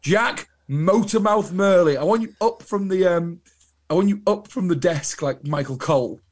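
A young adult man with an English accent, co-hosting a podcast in casual chat, telling animated anecdotes. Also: high-pitched, moderate pace. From England. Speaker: podcast co-host.

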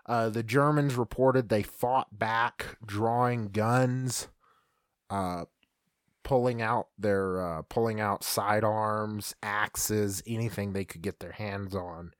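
A man's voice: lowish voice, fairly even intonation, slow pace, dry recording, studio quality. A man co-hosting a podcast, casually retelling creepy history stories with fillers and stumbles. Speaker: podcast co-host. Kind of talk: casual storytelling chat.

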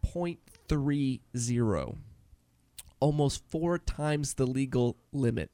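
A man's voice: medium pitch, takes it slowly, warm tone, dry recording. A man co-hosting a casual podcast, joking and laughing as he tells odd news stories, sometimes putting on voices for the people in them. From New England. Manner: jokey, laughing, puts on voices for quotes. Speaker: podcast co-host. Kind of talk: casual chat.

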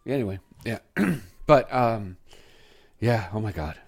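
A man co-hosting a morning show, trading loud teasing banter with quick exclamations. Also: on the low side, expressive, creaky. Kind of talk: casual joking banter. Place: studio, also on video.

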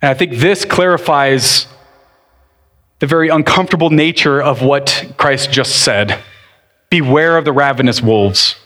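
Earnest slow-preaching man pastor. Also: a little high, fairly bright tone. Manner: earnest preaching, shifting between slow deliberate stress and quick bursts. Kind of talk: sermon.

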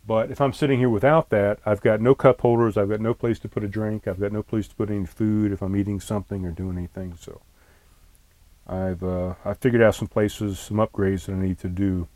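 A man's voice: lowish voice, fairly even intonation, brisk, darkish tone, no echo. A man hosting his own podcast from inside a camper trailer, chatting loosely in an irritated, rambling way and cursing often, recorded on a laptop in front of him. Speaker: podcast host. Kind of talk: casual solo podcast chat. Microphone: laptop on a tray in front of him.

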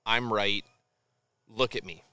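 Man, podcast guest, animated storyteller, casual swearing, dry close sound. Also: lowish voice, takes it slowly, smooth, dry recording. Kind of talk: casual chat over beers.

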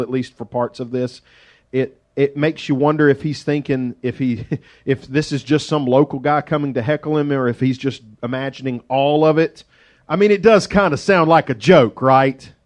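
A middle-aged man preaching a sermon as pastor, conversational and joking, acting out the voices in the story he tells. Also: mid-range voice.

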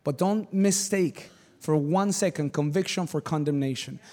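A man with a high voice preaches to a church congregation. He tells a personal story in an animated, joking way, bursting into loud exclamations and then dropping to quiet, serious asides. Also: normal speed. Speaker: pastor. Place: church service before a congregation.

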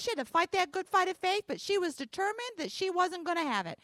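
High, lively woman pastor preaching. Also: a little fast, few pauses, no room sound. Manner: folksy storytelling with emphatic declarations. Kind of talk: sermon with personal story.

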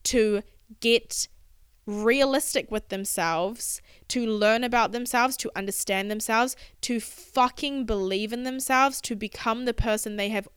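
A woman's voice: fairly high pitch, a bit bright, smooth, no echo, studio quality. A woman hosting a solo motivational podcast, delivering an impassioned, profanity-laced rant into a podcast microphone. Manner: impassioned, swearing, fast spurts. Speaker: podcast host.

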